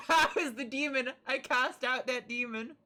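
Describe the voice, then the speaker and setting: A woman's voice: high voice, pushed and bright. A woman streamer chatting casually, laughing often, swearing and exclaiming, breathless from laughing. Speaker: live streamer.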